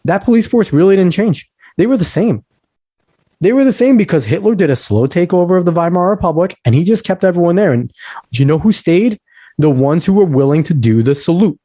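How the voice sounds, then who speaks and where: A man's voice: a little high, warm tone, no echo. A man hosting a podcast, ranting with heated emphasis and lecturing on history. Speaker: podcast host. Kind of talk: casual podcast talk.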